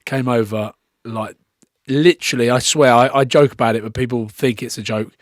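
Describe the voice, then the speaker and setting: Man, mid-pitched voice, dry close sound, animated storyteller, laughs a lot. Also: normal speed, no echo. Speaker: podcast guest. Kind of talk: casual chat.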